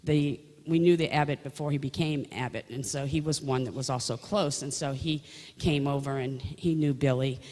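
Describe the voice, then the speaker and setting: A woman's voice: extremely low pitch, steady tone, moderate pace, mellow. Woman telling a faith story in a reverberant hall. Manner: conversational storytelling with frequent restarts. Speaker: speaker sharing a personal faith story. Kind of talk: personal testimony talk. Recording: long reverb of a large hall.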